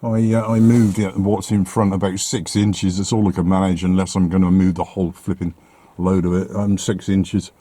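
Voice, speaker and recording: With a low, mellow voice that barely moves in pitch, a man talks at normal speed through a casual vlog on a rainy street and then in his car. He's out of breath and exasperated, grumbling with some mild swearing.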